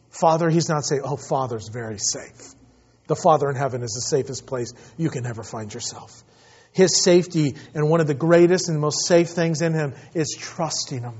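A man with a high voice delivers an impassioned sermon. He drops to hushed pleading, then rises to loud, ringing declarations. The recording sounds a little dull and muffled. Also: brisk, husky. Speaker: pastor.

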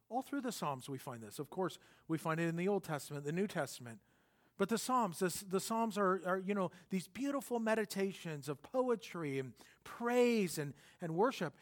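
A man preaching a sermon, earnest and conversational, with fillers and restarts, swinging between soft and emphatic. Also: high-pitched, normal speed. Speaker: pastor.

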